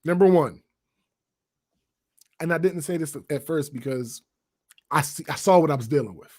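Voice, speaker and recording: Guy cohosting a podcast, kinda high voice, blunt, swears a lot, laughs a bunch. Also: moderate pace, darkish tone. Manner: blunt, profane, laughs often. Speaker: podcast co-host. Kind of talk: casual chat.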